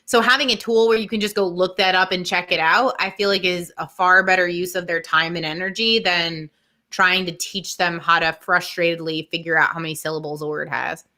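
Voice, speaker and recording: A woman's voice: fairly low pitch, steady tone, brisk, bright, forceful tone. A woman co-presenting a webinar in casual chat, thinking aloud and using "like" a lot.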